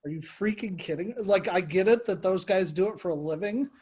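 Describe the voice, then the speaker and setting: A man with a high-pitched voice talks shop in a relaxed conversation with another creator. He is chatty and informal and leans on filler words as he goes. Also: a little fast, slightly rough. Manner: chatty, lots of "like" and "you know". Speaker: small guitar gear video creator. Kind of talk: casual chat between online creators.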